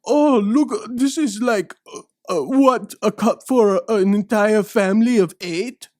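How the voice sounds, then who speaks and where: A man's voice: sits high, unhurried, darkish tone, no room sound, clean studio sound. A man voicing a sniffy, pretentious Frenchman who scoffs in a haughty, incredulous way. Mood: snooty scoff.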